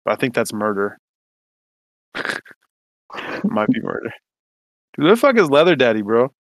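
A man's voice: mid-range voice, very animated, unhurried, noisy background. A man co-hosting a casual podcast, rambling through crude stories with constant swearing. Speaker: podcast co-host.

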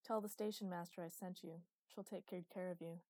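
A woman voicing a calm, understated older male guildmaster who talks gruffly and plainly. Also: fairly low pitch, fairly quick, no room sound, natural voice.

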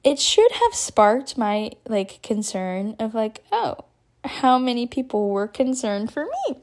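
A young woman from Texas telling a personal story on her podcast in a chatty, animated way, full of fillers and little laughs. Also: a little high, takes it slowly. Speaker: podcast host. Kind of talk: casual storytelling.

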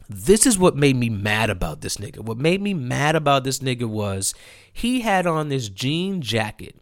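Animated man telling a story. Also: mid-range voice. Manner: animated, profane, mimics friends in quotes. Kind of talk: casual storytelling monologue.

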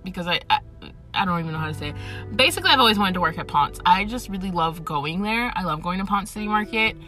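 Bright-voiced young woman chatting from her car. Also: fairly low pitch. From Atlanta, United States. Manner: chatty, swears freely, laughs often. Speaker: podcast host. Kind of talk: casual chat. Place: parked car in a parking garage.

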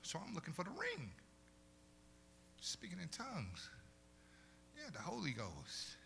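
A male pastor preaching a sermon, moving between loud preaching and soft conversational storytelling and repeating phrases for emphasis. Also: sits high, wildly swooping pitch, unhurried, creaky, a little hiss or hum. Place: church.

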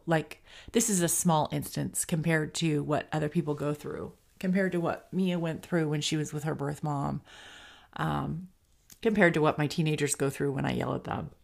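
A woman's voice: low voice, vocal fry. A middle-aged woman hosting a podcast, telling a personal story in a candid, reflective way with many fillers. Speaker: podcast host.

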